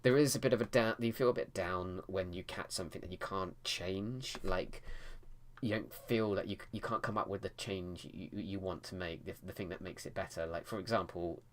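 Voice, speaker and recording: Man, deep voice, casual writing vlog, loose and rambling with restarts. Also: moderate pace, a little hiss or hum. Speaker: writing vlogger. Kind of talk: casual talk to camera about editing.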